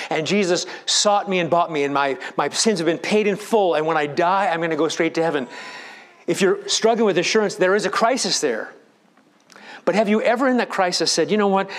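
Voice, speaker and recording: Emphatic preaching man, fairly high voice. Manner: emphatic preaching, rising and dropping in volume. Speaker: pastor. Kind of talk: sermon.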